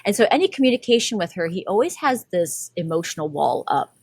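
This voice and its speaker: A woman's voice: fairly low pitch, very animated, brisk, slightly rough, dry recording. A woman hosting a podcast, retelling a story in casual chat, giggly and full of "like" fillers. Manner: giggly, chatty, lots of "like" fillers. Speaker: podcast host.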